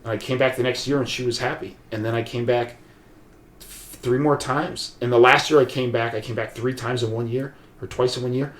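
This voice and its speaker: A martial arts practitioner from the USA, appearing as a podcast guest, shares a long personal story in a loose, meandering way, filling gaps with "like" and "um" and frequently restarting sentences. He speaks a little fast in an ordinary mid-pitched, steady voice, and the room echoes noticeably.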